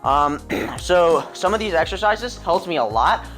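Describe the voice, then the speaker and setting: A young man giving a casual fitness tutorial at home, rambling with many ums and throat clears. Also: on the high side, very animated, measured pace, a bit bright, faint music behind. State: a little out of breath. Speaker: calisthenics coach. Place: home with a pull-up bar.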